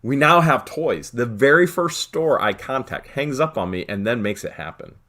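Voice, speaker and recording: A man tells a story in an easy, chatty way. His pitch rises and falls a great deal, and he slips into the voices of the people he quotes. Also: normal speed. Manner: animated, acts out quoted voices. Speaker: channel host. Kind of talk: casual storytelling chat.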